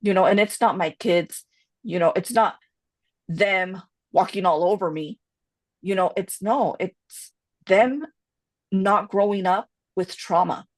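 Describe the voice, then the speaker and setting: She's a podcast co-host with a medium-pitched voice who talks slowly, telling frank stories and tossing in Spanish phrases during casual conversation. Her chatty delivery is full of "you know," with no room sound audible.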